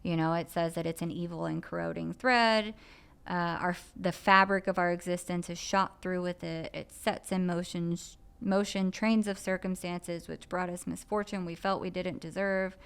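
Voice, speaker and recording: Woman on a podcast, smooth clear voice, earnest and confessional, lots of "like" and "you know". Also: lowish voice, steady tone, moderate pace, a bit bright. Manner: earnest, confessional, with frequent filler phrases. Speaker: podcast speaker on recovery steps. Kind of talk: candid personal podcast talk.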